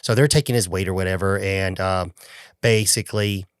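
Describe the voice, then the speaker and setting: A man's voice: low voice, fairly even intonation, normal speed, clear, resonant tone, no echo, clean studio sound. A man co-hosting a podcast, recapping a film in rambling casual chat and acting out quotes in a raised voice. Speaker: podcast co-host.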